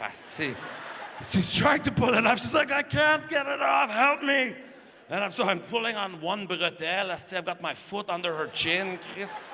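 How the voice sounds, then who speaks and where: A man doing live stand-up storytelling, animated and profane, laughing through his lines. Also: sits high, gravelly. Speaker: stand-up comedian. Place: live comedy stage. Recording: reverberant venue, faint crowd noise.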